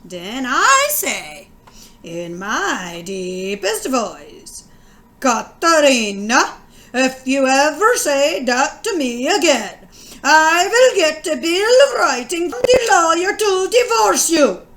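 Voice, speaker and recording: A woman's voice: high-pitched, very animated, slow, fairly bright tone, heavily acted. Woman doing a bumbling old immigrant farmer's dialect. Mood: telling a tale. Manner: broken dialect English, comic storytelling.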